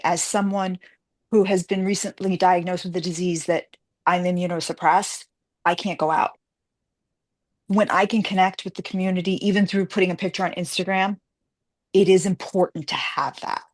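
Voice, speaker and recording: A woman guest author in a casual interview, telling stories animatedly and acting out the voices of the people she quotes. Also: on the low side.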